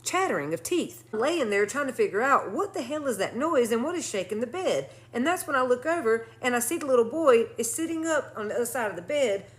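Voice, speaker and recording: Fast-talking woman telling a story. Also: fairly high pitch. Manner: animated, swears casually, addresses listeners directly. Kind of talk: casual spoken horror story.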